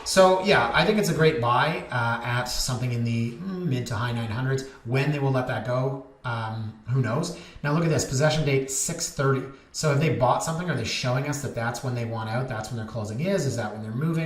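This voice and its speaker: A man working as a real estate agent, chatting candidly and wandering off topic as he goes over listings. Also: mid-range voice. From Canada. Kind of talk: casual market commentary over listings. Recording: echoey room with faint noise.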